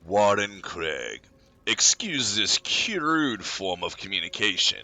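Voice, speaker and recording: A man's voice: fairly low pitch, sing-song, takes it slowly, sharp tone, full character voice. A man voicing a cold, commanding otherworldly being, reading a letter from a game in a stiff, formal, put-on accent. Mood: cold, stern.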